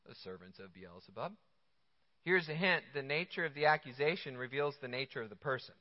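A man preaching a sermon as a pastor, conversational and joking, full of rhetorical questions. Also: on the high side. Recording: dull lo-fi sound with long hall reverb.

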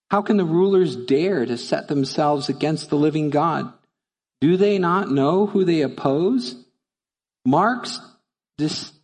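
A man's voice: on the high side, darkish tone. Preaching man in a reverberant church. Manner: storytelling, rising to fervent rhetorical questions. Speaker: pastor. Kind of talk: sermon. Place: church sanctuary.

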